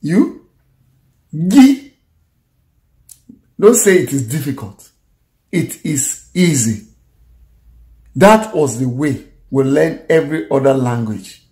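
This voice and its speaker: A man's voice: mid-range voice, expressive, slow, darkish tone, echoey room. A man teaching letter sounds in a casual video lesson, patient and repetitive, coaxing the viewer along with frequent chuckles. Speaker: language teacher.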